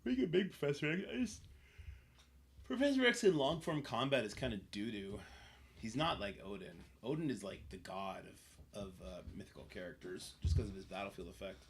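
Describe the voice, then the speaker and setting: A man's voice: on the low side, sing-song, moderate pace, a little hiss or hum. A man streaming a game live, chatting casually and swearing as he reacts to the game and to his chat. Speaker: livestreamer. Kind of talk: casual gameplay commentary.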